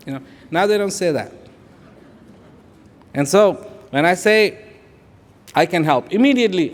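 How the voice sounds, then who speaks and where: A man in his fifties from India, speaking, gives an inspirational speech to an audience. He repeats phrases for emphasis and swings between hushed and loud. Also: sits high, very animated, normal speed, some chatter behind. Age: 50s. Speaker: public speaker. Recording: echoey large hall.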